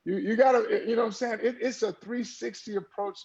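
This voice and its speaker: A man's voice: high-pitched, steady tone, brisk, a little mellow, husky, muffled recording. A man speaking as a podcast guest, an earnest mindfulness coach who talks in a motivational way and often repeats words as he builds a point. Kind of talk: conversational interview.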